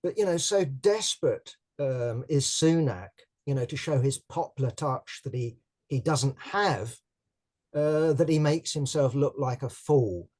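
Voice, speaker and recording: A man's voice: medium pitch, animated, unhurried, darkish tone. An older man from Britain giving casual political commentary, sardonic and rambling, with many fillers.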